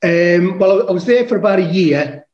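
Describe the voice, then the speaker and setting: A high-voiced man from England tells a wild story as a podcast guest. He swears freely and puts on the voices of the people in it. The sound is dull and echoey, as if from a room far off the mic. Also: moderate pace, darkish tone. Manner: swears casually, acts out his own quotes. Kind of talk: animated storytelling.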